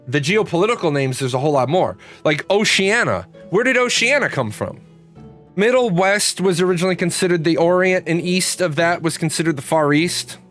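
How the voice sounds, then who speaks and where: Middle-aged guy streaming, kinda high voice, swears a lot, faint guitar music behind. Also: animated, brisk, a bit bright. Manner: blunt, profane, reacting to chat. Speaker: streamer host. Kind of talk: live stream chat.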